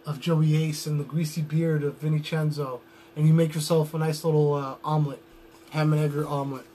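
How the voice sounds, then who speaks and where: Young adult male wrestler, high voice, brash trash-talking promo delivery. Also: slight background noise. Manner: boastful, trash-talking swagger.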